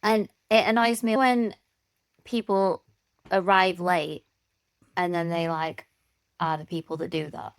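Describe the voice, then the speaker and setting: A woman's voice: fairly low pitch, steady tone, measured pace, pauses often, smooth, no echo, studio quality. A woman co-hosting a podcast, telling stories in casual chat and laughing often. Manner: chatty storyteller, laughs often. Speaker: podcast co-host.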